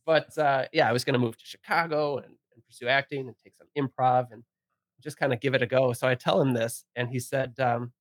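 A man's voice: mid-range voice, brisk, no echo, clean studio sound. A man in his thirties, a bartender guest telling a story casually, acting out the voices in it and laughing often. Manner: animated storyteller, acts out quotes, laughs often.

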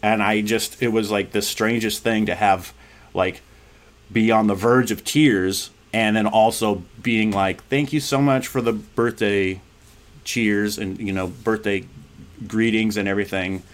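A man on a podcast telling a personal story in a casual, rambling way, often laughing and then going quiet and reflective. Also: fairly low pitch, fairly even intonation, unhurried.

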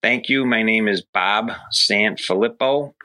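New york guy leaving a gushing voicemail, low voice with a bright edge. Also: a little slow. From upstate New York. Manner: effusive, friendly. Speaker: listener calling in. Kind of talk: recorded voicemail question.

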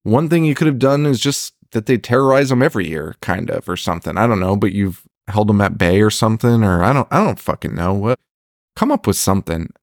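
A man's voice: on the low side, lively intonation, fairly quick, no echo, clean studio sound. A man co-hosting a casual movie review podcast, ranting with lots of swearing and laughing often. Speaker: podcast co-host.

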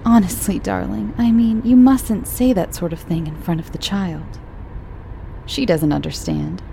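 A woman's voice: mid-range voice, a little slow, creaky, warm tone, slight background noise. A woman voicing a fussy, cross young mother with a prim, scolding manner.

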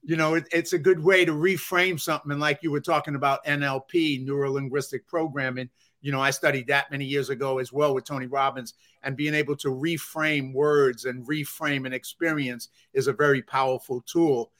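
A man with a deep Bronx New York accent, a guest on an interview show, talking in an earnest, upbeat way with frequent fillers. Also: steady tone, brisk, fairly bright tone. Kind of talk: conversational interview.

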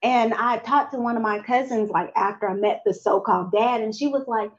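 A young adult woman telling a personal faith testimony in an animated way, talking straight to her audience. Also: fairly high pitch, a little fast, muffled recording. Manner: animated, addresses audience directly. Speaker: speaker sharing a testimony.

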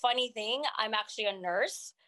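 Chatty young woman with halting restarts. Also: fairly high pitch, pushed and bright. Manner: halting, many restarts and fillers. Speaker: nurse turned online jewelry seller. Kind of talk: casual interview chat.

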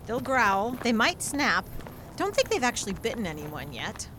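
A playful, easygoing mother in an audio drama, played by a woman. She teases and soothes in a lively voice that sits a little high. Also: normal speed, noisy background. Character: playful mother of a grown daughter.

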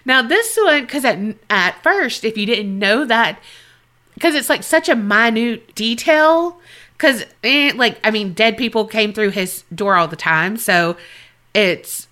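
Woman co-host, bright tone, animated casual chatter. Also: a little high, a little slow. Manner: animated, lots of fillers and impressions. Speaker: podcast co-host. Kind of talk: casual chat.

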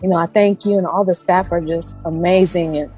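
Low, mellow woman giving fervent thanks. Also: fairly even intonation, fairly quick, slightly rough, faint music behind. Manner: fervent, stumbling. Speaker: internship candidate. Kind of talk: grateful thank-you speech.

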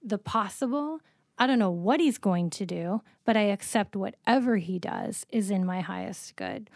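A woman's voice: medium pitch, normal speed, vocal fry, no echo, studio quality. A woman co-hosting a faith podcast, talking earnestly and quoting scripture with plenty of fillers. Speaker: podcast co-host. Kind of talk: faith-based podcast conversation.

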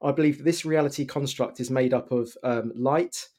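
A man's voice: medium pitch, fairly even intonation, normal speed, darkish tone. A man, a guest on a podcast, explaining his ideas earnestly and piling up example after example. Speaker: guest author. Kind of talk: podcast conversation.

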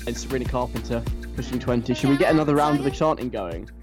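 A man hosting a casual radio show, rambling and self-deprecating, sometimes mimicking loud chanting. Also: mid-range voice, fast, music in the background. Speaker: radio host.

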